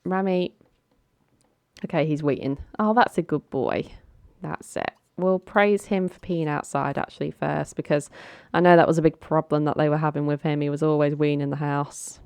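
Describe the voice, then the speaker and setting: A woman's voice: low-pitched, fairly even intonation, normal speed, vocal fry, darkish tone, clear, resonant tone, no room sound, clean studio sound. A young woman casually commenting on a life-simulation game, chatty and coaxing her characters along. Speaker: gaming channel host.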